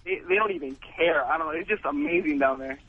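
A young man calling a radio show by phone, excited and full of slang. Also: fairly high pitch, quick pace, a little hiss or hum. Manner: excited, laid-back surfer slang. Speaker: caller. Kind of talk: phone-in chat. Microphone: telephone. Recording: tinny phone line.

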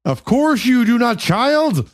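A reader voicing a cryptic old witch in a high, brittle, sneering tone for a bedtime story. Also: very animated, slow, no echo, studio quality. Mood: mocking.

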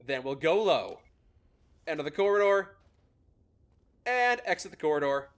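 A man's voice: on the high side, sing-song, measured pace. A man hosting a gameplay video, explaining a maze-solving method in a casual, upbeat way and laughing often. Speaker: host explaining a maze algorithm in a game.

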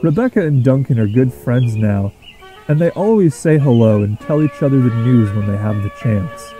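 A man narrating a children's train story in a steady storytelling manner. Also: medium pitch, normal speed, faint music behind, low-quality recording.

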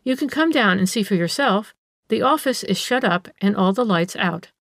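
A woman voicing a pert, sharp-tongued young woman in a storybook reading, with retorts that are acid and quick to answer back. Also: mid-range voice, animated, gravelly, no room sound, clean studio sound.

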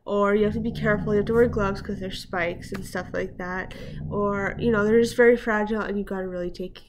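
A woman's voice: mid-range voice, fairly even intonation, fairly quick, background noise. A woman hosting a reaction video from home, chatting casually, exclaiming and laughing often as she comments. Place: at home with her dogs nearby.

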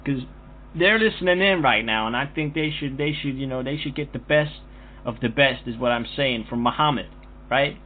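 A man's voice: medium pitch, moderate pace. A man making a prank phone call, rambling and profane, from a hot room with cars passing outside. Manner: brash, rambling, profane banter. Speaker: prank caller. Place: hot room with the window open. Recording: tinny phone line with faint noise.

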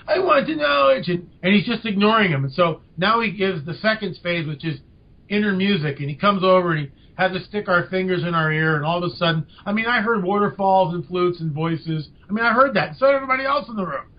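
An older man, a podcast guest, telling a story with lively emphasis. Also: sits high, quick pace. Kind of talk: storytelling in an interview. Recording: dull lo-fi audio.

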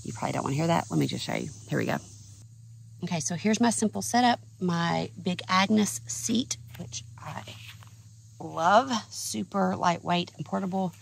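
A middle-aged woman artist chatting casually in a vlog, rambling and thinking out loud, her voice scratchy and tired, partly recorded outdoors at a lakeside campground. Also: fairly low pitch, lively intonation, normal speed, vocal fry. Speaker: artist vlogger.

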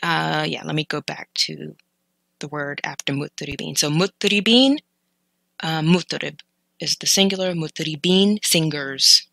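A woman's voice: low voice, unhurried, vocal fry, a bit bright, no room sound, rough recording. A woman learner casually explaining vocabulary from clips, thinking aloud with hesitant restarts and corrections. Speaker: language learner teaching vocabulary.

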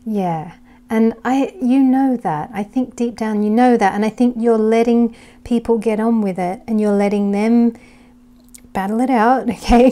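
A woman doing a tarot reading to camera, talking gently and reassuringly, thinking aloud with halting restarts and sometimes dropping to a soft whisper. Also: on the high side. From United Kingdom. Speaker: tarot reader.

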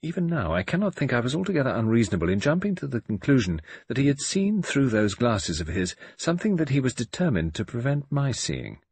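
A man's voice: mid-range voice, very animated, a little fast, hardly any pauses, darkish tone, breathy edge, no room sound. A man narrating an audiobook in the first person, reading dramatically and expressively.

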